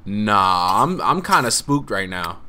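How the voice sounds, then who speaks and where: A young man giving casual, slangy gameplay commentary as host, laid-back but prone to excited outbursts. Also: lowish voice, slow pace. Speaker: gaming channel host.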